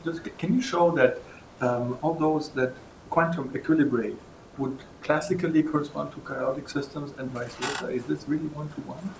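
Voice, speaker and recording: A man's voice: steady tone, normal speed. A man in the audience asking a tentative question. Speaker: audience member. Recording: echoey room with loud rumble.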